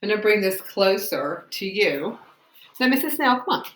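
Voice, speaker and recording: A woman's voice: mid-range voice, big pitch swings, moderate pace, reverberant. A woman teacher giving a science lesson from home, asking patient, encouraging questions. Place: home room.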